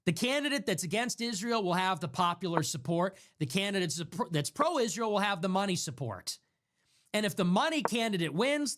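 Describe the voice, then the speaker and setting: High, lively male commentator, emphatic and commanding, impassioned monologue to viewers. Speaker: online political commentator.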